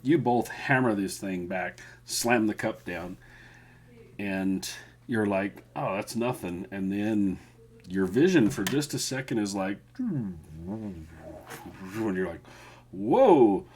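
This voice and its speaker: A man's voice: on the low side, takes it slowly. A man narrating a tabletop game as game master, laughing often as he describes the scene.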